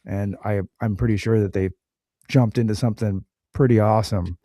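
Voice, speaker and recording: A man in a casual chat who speaks haltingly, often restarting his sentences. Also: lowish voice, fairly even intonation, dark tone, no echo, studio quality.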